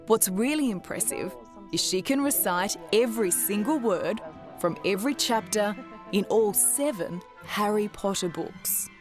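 An Australian woman reporter giving scripted, measured TV narration. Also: mid-range voice. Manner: measured, polished delivery. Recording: narration over music.

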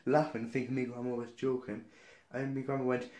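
A man's voice: medium pitch, flat delivery, brisk, darkish tone. A young man from Newcastle, telling a story in a casual vlog, chatty and gossipy, with some swearing. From Newcastle, England. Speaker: vlogger.

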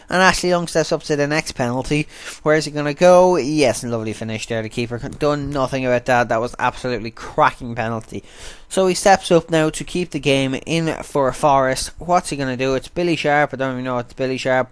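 A man runs through his football game results in a loose, rambling commentary, dropping swear words as he goes. His voice is smooth and clean. The sound is dry, with no room around it. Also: mid-range voice, no room sound. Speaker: gaming commentator. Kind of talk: casual gameplay commentary voice-over.

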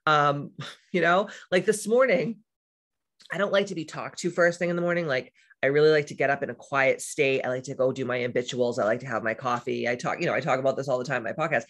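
A woman's voice: a bass voice, fast. A woman talking about astrology in a casual vlog, speaking in a frank, chatty way with lots of fillers, swearing and tangents. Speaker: astrology and life coach. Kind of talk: casual spiritual vlog talk.

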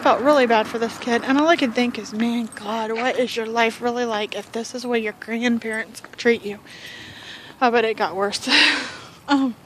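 A woman's voice: a little high, fairly even intonation, normal speed, a little hiss or hum. A woman vlogging on her porch, telling a story in a chatty, rambling way with fillers and sighs. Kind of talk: casual storytelling vlog. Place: home porch, outdoors.

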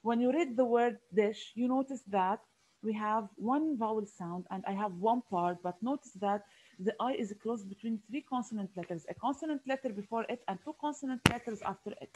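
Slightly high-pitched woman teaching patiently. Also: normal speed, a little mellow, low-quality recording. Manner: patient, repeats key words, many fillers. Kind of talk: online phonics lesson.

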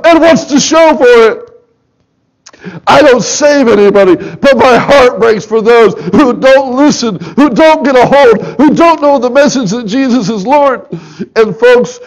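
A middle-aged man preaching in a church sanctuary with a notably high voice. He is emotional, close to tears, and his delivery swings from hushed and low to loud and pleading. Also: poor audio. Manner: impassioned, swinging from soft and low to loud and urgent. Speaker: pastor. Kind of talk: sermon.

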